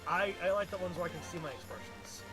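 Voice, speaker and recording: A man's voice: sits high, expressive, quick pace, over music. A man chatting casually with a friend while they play a game together, rambling and restarting his sentences, with the odd swear. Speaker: co-player. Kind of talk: casual gaming chat.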